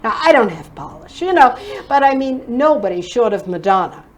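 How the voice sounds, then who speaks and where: A woman's voice: a little high, very animated, moderate pace, low-quality recording. A woman co-hosting a casual talk show, asking blunt, provocative questions. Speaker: co-host.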